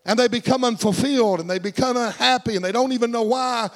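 A man preaching a sermon. He calls out for amens and swings from low, hushed asides to shouted climaxes. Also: fast talker, long reverb tail.

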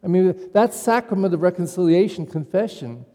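A man's voice: high voice, expressive, normal speed, mellow. Man preaching in a reverberant church. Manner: conversational, asks the congregation questions. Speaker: pastor. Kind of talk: sermon.

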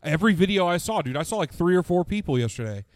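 A man's voice: high voice, very animated, fast talker, dry recording. A young man in casual, profane banter, rambling with laid-back slang.

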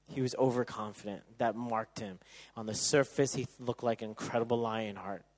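A male pastor preaching a sermon, moving from loud emphatic bursts to soft, hushed passages. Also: mid-range voice, fairly even intonation, moderate pace, low-quality recording.

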